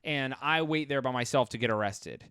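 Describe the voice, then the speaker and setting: A young male podcast co-host tells a story in casual chat, swearing a lot and acting out the people he quotes in raised voices. His medium-pitched voice is fairly quick, fairly bright, clear and resonant, captured in a dry, clean studio recording.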